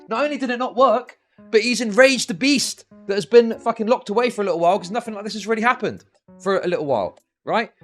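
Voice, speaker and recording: A man ranting on a live stream, scornful and heated, swearing often. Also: high-pitched.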